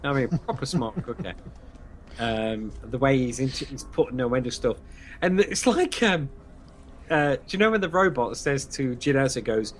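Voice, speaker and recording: A man's voice: medium pitch, animated, normal speed. A man co-hosting a fan podcast, chatting enthusiastically, repeating himself with plenty of fillers. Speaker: podcast co-host. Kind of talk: casual podcast chat.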